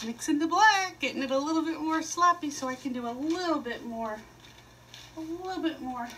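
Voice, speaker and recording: A woman's voice: high-pitched, normal speed, a bit bright, recorded from a distance, slight background noise, rough recording. A woman giving a casual painting lesson, chatty and playful, humming little "woo" sounds as she works. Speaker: art teacher.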